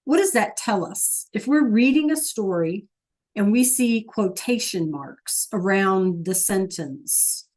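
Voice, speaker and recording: A woman's voice: mid-range voice, expressive, slow pace, darkish tone. A woman teaching a Spanish class, asking her students questions patiently and repeating prompts.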